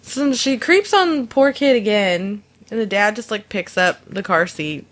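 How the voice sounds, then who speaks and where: Animated woman telling a funny story. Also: mid-range voice, a little slow. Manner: animated, acts out quoted voices, laughs often. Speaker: storyteller recounting a work incident. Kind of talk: casual anecdote.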